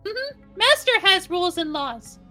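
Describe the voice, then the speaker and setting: A tiny squeaky kobold. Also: male voice, sing-song, measured pace, sharp tone, soft background music, exaggerated voice. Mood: timid. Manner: broken childlike grammar, talks of itself by name. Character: small shirtless male kobold, timid and loyal. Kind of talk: tabletop role-play voice acting.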